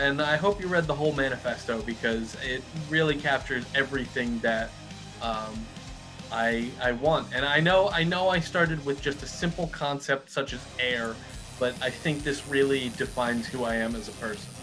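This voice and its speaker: A man's voice: mid-range voice, normal speed, bright, forceful tone, soft background music, low-quality recording. A man playing an earnest, hesitant tattoo customer in an improv comedy scene, stammering and restarting often.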